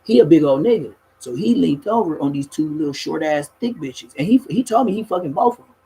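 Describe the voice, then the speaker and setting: A man telling a street story in a casual, animated, profane way, often laughing and acting out other people. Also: on the high side, fairly quick, vocal fry, slight background noise, rough recording.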